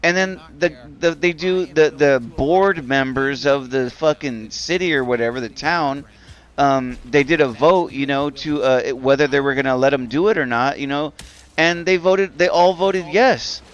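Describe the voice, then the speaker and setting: A man's voice: fairly high pitch, normal speed, muffled recording. Rambling, foul-mouthed man ranting on stream. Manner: rambling, profane, heavy use of "like". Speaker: game streamer. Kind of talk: casual rant while gaming.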